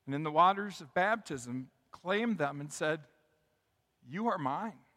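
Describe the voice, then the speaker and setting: A male pastor preaching a sermon, building to loud, emphatic calls and leading his congregation in call and response. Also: a little high, expressive, measured pace, in a large hall. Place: church sanctuary.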